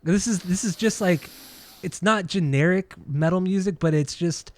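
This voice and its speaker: A man's voice: sits high, moderate pace, no room sound. A man co-hosting a casual podcast about records and bands. He argues his tastes bluntly and swears freely. His voice is recorded dry and close, with no room sound around it. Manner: opinionated, swears freely, argumentative. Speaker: podcast co-host.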